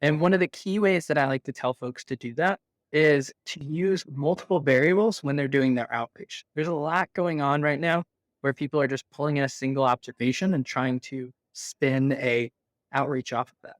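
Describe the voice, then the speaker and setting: A man with a somewhat high voice talks through his points as an interview guest, animated and conversational. The recording is dry and close, with no room sound. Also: normal speed, no echo.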